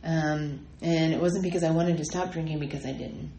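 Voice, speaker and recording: A woman telling her personal recovery story at a meeting, halting and full of ums and restarts. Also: deep voice, steady tone, dark tone, reverberant, slight background noise, poor audio. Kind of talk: personal testimony talk.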